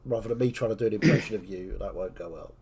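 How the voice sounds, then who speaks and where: A man's voice: on the low side, rapid-fire, heavy background noise. A man narrating a tabletop game as its game master, in easygoing talk with plenty of fillers.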